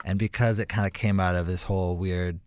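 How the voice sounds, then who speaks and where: Low-voiced man chatting animatedly. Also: fairly quick, smooth, no echo, clean studio sound. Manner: animated, laughing, emphatic exclamations. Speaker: musician guest. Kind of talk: casual interview chat.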